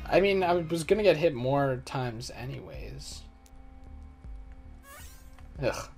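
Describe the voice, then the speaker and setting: A man's voice: mid-range voice, expressive, slow, long pauses, darkish tone, slightly rough, faint music behind. Rambling, goofy young gaming commentator man. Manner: rambling, joking, self-mocking. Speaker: let's play host. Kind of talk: casual gameplay commentary.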